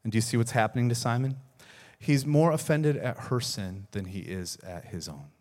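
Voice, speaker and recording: A man's voice: medium pitch, moderate pace, darkish tone. A man, a pastor, preaching a sermon, telling a story earnestly with repeated words and rising emphasis.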